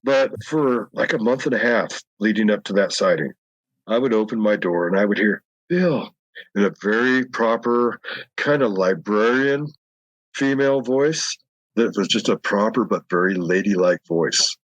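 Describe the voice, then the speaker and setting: Speaking at a normal pace in a fairly low voice, a middle-aged man rambles through long encounter stories as a guest in a casual chat, laughing frequently. The audio quality is poor, though there's no room sound.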